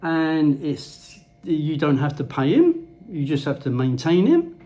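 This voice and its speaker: A man's voice: on the high side, wildly swooping pitch, takes it slowly, mellow, dull audio. A man vlogging from the Philippines, ranting casually in a rambling, blunt way and swearing freely. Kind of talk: casual rant to camera.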